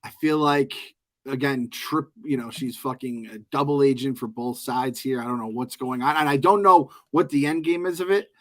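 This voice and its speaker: A man's voice: medium pitch, moderate pace, fairly bright tone. A man co-hosting a podcast, chatting loosely about a TV episode, joking and swearing often. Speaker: podcast co-host. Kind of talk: casual show recap chat.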